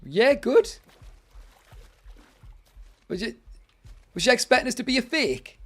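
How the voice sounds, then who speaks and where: A man's voice: very high voice, big pitch swings, a little slow. A British man streaming a game live, chatting with viewers and grumbling in exasperation. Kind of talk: live gaming commentary.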